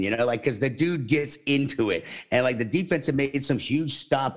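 A man co-hosting a casual sports podcast, excitable and rambling, with many restarts. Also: medium pitch.

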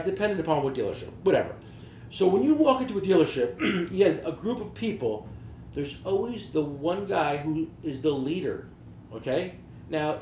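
Guy telling tool truck stories on a podcast, swears a lot, voice all over the place, echoey room. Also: sits high. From New Jersey. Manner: profane, animated storytelling. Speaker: podcast host, tool dealer. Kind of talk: casual podcast chat. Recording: roomy echo, faint background hiss.

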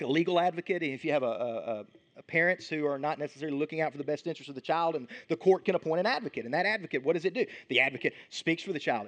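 A man preaching a sermon as pastor, in an animated, conversational way with frequent restarts. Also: high voice.

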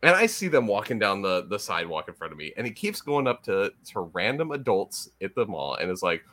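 A man co-hosting a casual podcast chat speaks in a lowish voice, a little fast and with few pauses. He's an animated storyteller who laughs often as he tells his tale.

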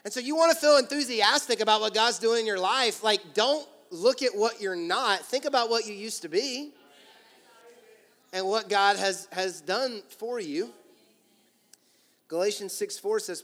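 A man preaches a lively sermon, his voice sitting high for a man. He slips into acted inner monologues and tosses quick asides to the congregation. The sound rings with the long reverb of a large church hall. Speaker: pastor.

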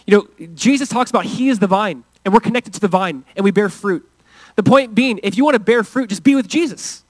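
A man with an American accent preaching a sermon as pastor, earnest, moving between intense and hushed, intimate passages. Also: high voice, animated, fast, no echo, rough recording.

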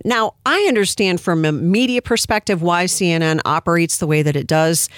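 A woman's voice: on the low side, no echo, clean studio sound. A woman hosting a political commentary show, talking in a sarcastic, indignant way. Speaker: commentary host.

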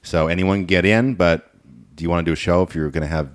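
This is a man with a very low voice, speaking as a guest comedian on a relaxed podcast. He explains at a steady length and keeps filling gaps with "um" and "uh". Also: fast. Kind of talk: casual podcast chat.

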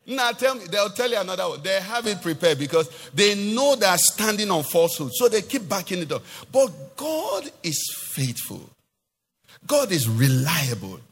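A man preaching a sermon in a church, emphatic, asking his congregation questions and now and then singing a phrase or rising to a shout. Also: high voice, sing-song, normal speed, breathy edge. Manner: sings some phrases, rises to shouts. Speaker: pastor. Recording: long hall reverb.

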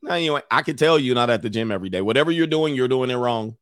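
A man streaming, reacting to a clip with loud laughing commentary and mocking quoted voices. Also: mid-range voice, lively intonation, very fast, few pauses, dry recording, studio quality.

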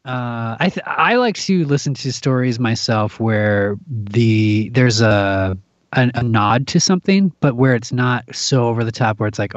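A male actor and audiobook narrator talks casually on a podcast. His voice leaps around in pitch and breaks into laughter often. The recording is dry and a little dull. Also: expressive, measured pace, dry recording. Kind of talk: casual conversation.

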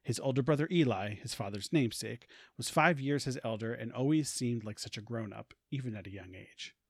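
A man's voice: medium pitch, a little fast, dry recording, studio quality. A man reading a story aloud on a podcast, giggly and stumbling over words. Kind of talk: casual read-aloud.

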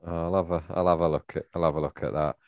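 A man's voice: rumbling low, flat delivery, rapid-fire, no room sound, narrow, tinny audio. A man co-hosting a podcast, wry and joking, often stammering over his words. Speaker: podcast co-host. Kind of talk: casual chat.

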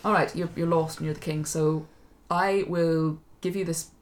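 A woman voicing a giant male hedgehog lord who speaks loudly, slowly and indignantly in a told fairy tale. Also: low-pitched, steady tone, pitched below the performer's own voice, close to an everyday voice. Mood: stern. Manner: loud, slow and indignant.

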